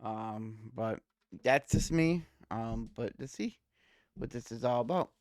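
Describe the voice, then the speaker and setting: A man's voice: mid-range voice, unhurried, darkish tone, no echo, clean studio sound. A man hosting a reaction video, talking casually and rambling, often correcting himself mid-sentence. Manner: rambling, self-correcting, laid-back.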